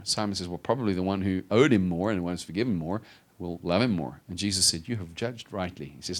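With a low-pitched voice, a quick pace, and few pauses, this middle-aged male pastor delivers his sermon. He's animated and voices the people in the Bible story.

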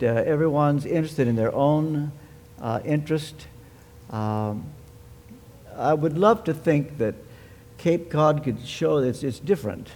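A man delivers a sermon in a slightly higher-pitched voice, emphatic and measured. He poses rhetorical questions and answers them himself. His words ring out with a long hall reverb. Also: a little mellow. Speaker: preacher.

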